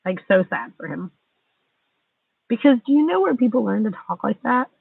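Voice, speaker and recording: Very animated, this woman in her forties has a voice on the high side that's creaky and husky, moving at normal speed with no echo. She rants angrily and bitterly on a livestream, sarcastic and swearing throughout, recorded on a tinny, distant phone mic.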